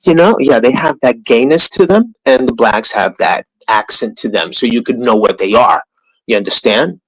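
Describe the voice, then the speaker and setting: Streamer man, lively up-and-down delivery, profane rant with mocking impressions. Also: mid-range voice, normal speed, slightly rough, rough recording. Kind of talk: ranting live-stream monologue.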